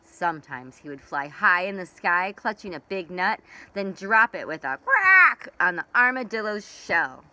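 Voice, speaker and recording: Woman librarian, picture-book reading, animated pitch, bright voice, faint background noise. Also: a little slow, low-quality recording. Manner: lively, expressive storytelling. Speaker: children's librarian.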